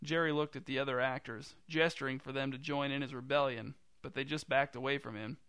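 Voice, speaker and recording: Male audiobook narrator, dry wry delivery, crisp, close and dry sound. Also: mid-range voice, fairly even intonation, a little fast, fairly bright tone, no room sound. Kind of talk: storybook narration.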